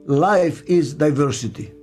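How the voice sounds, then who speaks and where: Slow, emphatic older man speaking. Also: a little high, darkish tone, faint music behind. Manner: slow, emphatic, repeats key phrases. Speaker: motivational speaker and author. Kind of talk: motivational talk.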